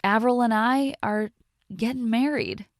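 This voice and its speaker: A woman's voice: a little high, a little slow, no echo, clean studio sound, pitched above the performer's own voice. A woman voicing a defensive middle-aged father who speaks in a placating way.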